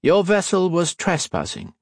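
A man voicing a stern, commanding woman submarine captain with a slight unfamiliar accent, in formal, measured speech. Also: high-pitched, big pitch swings, creaky, dry recording, studio quality, voice pushed up, exaggerated voice.

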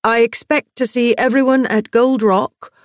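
A woman's voice: a little high, steady tone, a little slow, dry recording, studio quality, natural voice. A woman voicing a commanding young man who leads a travelling group, speaking in firm, clipped orders. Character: commanding young male leader, steady and protective.

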